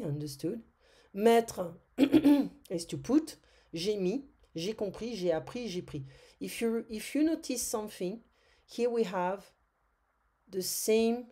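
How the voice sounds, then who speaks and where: A French woman with a French accent teaching a grammar lesson, slow and patient, with many "euh" fillers and repeated words. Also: mid-range voice, mellow.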